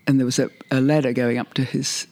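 An older man reminisces in an interview, rambling and hesitant and laughing often. His medium-pitched voice is level and a little mellow, and he talks fast.

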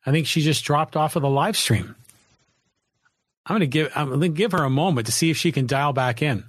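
A man's voice: a little high, brisk, no echo. Affirming male live-stream host. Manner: supportive, affirming listener.

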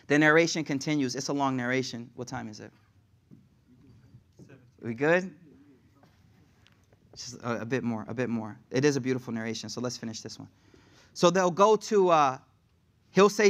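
A man's voice: sits high, normal speed, a bit bright. A man preaching a storytelling sermon, acting out quoted speech and slipping in Arabic phrases between casual asides.

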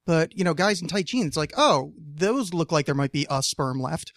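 A man's voice: a little high, animated, moderate pace, fairly bright tone, no room sound, studio quality. A man from New Jersey hosting a casual podcast chat, rambling and profane, stammering through many restarts. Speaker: podcast host.

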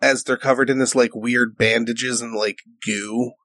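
A man's voice: mid-range voice, level tone, a little slow, pushed and bright, no room sound. Rambling male game master. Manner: loose, rambling, full of fillers. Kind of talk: narrating a tabletop game.

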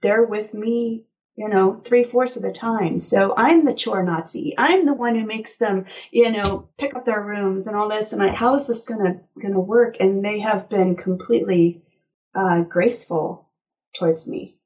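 A woman guest on an interview show, telling personal stories in an animated way and laughing often. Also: mid-range voice, unhurried, lo-fi sound. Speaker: guest author. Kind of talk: casual interview chat.

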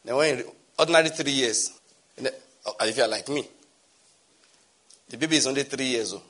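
A middle-aged man preaching a sermon as pastor, animated, swinging from loud exclamations to soft asides. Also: medium pitch, normal speed.

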